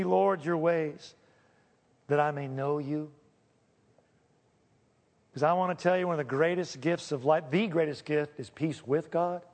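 High-voiced preacher in a reverberant hall. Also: male voice. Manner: lively, shifts from joking to solemn pleading. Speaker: pastor. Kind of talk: sermon.

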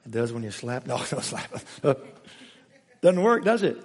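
A man preaching a sermon with dramatic swings between loud exclamations and hushed asides, recorded in an echoey church hall. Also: mid-range voice, very animated, measured pace, breathy edge. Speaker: pastor. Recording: echoey hall with long reverb.

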